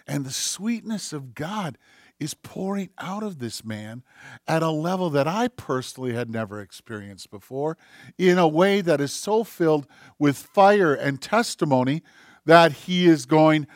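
A man's voice: a little high, animated, normal speed, no room sound, studio quality. Impassioned male pastor, dropping to whispers. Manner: impassioned, swings from loud emphasis to near-whispers. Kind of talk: sermon.

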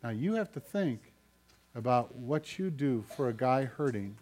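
Preaching man, loud then hushed. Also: medium pitch, animated, a little slow. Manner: dramatic shifts between loud urgency and hushed quiet. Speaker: pastor. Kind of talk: sermon.

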